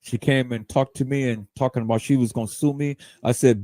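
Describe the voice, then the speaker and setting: In a dry recording, a man with a warm, mid-range voice talks fairly quickly in a steady tone. He's hosting a livestream and delivering a hot-tempered, profane rant, stammering on repeated words along the way.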